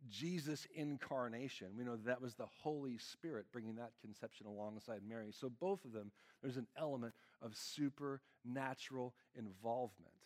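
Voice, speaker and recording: A man's voice: mid-range voice, moderate pace, few pauses. A man preaching a conversational sermon as lead pastor, casual and earnest, peppering his talk with fillers.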